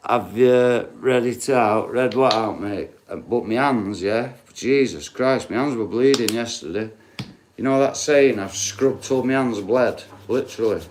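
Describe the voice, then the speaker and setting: A man's voice: mid-range voice, a little slow, darkish tone, a little hiss or hum. A man in his late forties with a Yorkshire accent, chatting casually to his live-stream viewers, swearing freely and talking straight to the chat. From Yorkshire, England. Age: 40s. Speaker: livestreamer.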